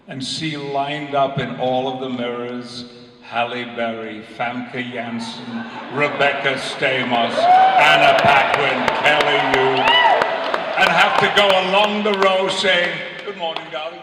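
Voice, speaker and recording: Male panelist, unhurried and wry, miked from afar in a hall with audible background noise. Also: medium pitch. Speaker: convention panelist. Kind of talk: storytelling on a convention panel. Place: large convention hall. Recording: echoey hall from far off.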